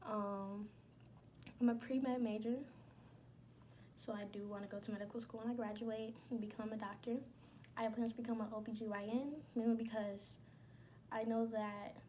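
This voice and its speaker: A woman's voice: fairly high pitch, dark tone, a little hiss or hum. A young woman talking casually and bluntly to her viewers, slangy and emphatic. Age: young adult. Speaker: vlogger. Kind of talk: casual chat.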